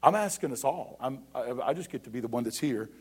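A man's voice: mid-range voice, animated, fast talker, slightly rough. A male pastor preaching a sermon, rising to emphatic calls, with repeated words and restarts.

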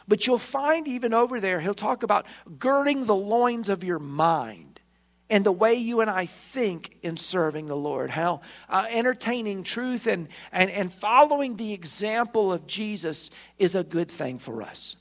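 A man's voice: high voice, fairly bright tone. A man preaching a sermon as pastor, emphatic, acting out the quoted voices.

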